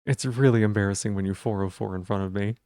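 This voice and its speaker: A man's voice: fairly low pitch, fast talker, mellow, no room sound, studio quality. A man streaming live, chatting casually and playfully while he repeats silly puns and rambles.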